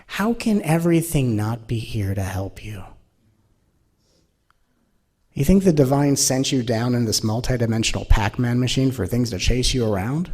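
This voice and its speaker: A man's voice: mid-range voice, normal speed, creaky, a little mellow, husky. A man giving a spiritual teaching talk in a playful, rhetorical way, with many questions to his listeners. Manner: playful and rhetorical, acting out mock inner voices.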